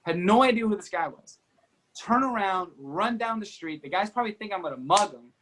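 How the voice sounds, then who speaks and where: A man who is a guest on a podcast, telling a personal story as an energetic, fast-talking storyteller with many fillers like "you know" and "like". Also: high voice. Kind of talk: animated storytelling in an interview.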